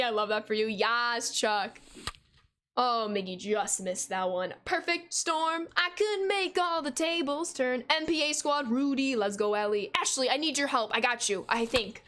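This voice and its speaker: A young American woman in her twenties chats loudly on a gaming livestream, her voice sitting a little high for a woman. She talks freely and laughs easily while she reads her viewers' messages aloud. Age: 20s. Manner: loud, chatty, reads chat aloud and laughs. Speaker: gaming streamer. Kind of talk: casual livestream chat while playing.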